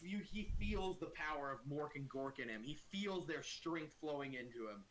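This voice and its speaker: A man's voice: a little high, expressive, normal speed, few pauses, a bit bright, slight background noise. A man narrating a tabletop game as game master in a playful, dramatic way.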